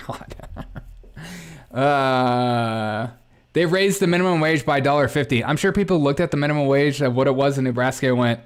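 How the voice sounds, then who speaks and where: A man's voice: mid-range voice, moderate pace, clean tone. A man hosting a casual political commentary livestream, reacting to clips with sarcasm and frequent laughter. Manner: sarcastic, laughs often, thinks aloud.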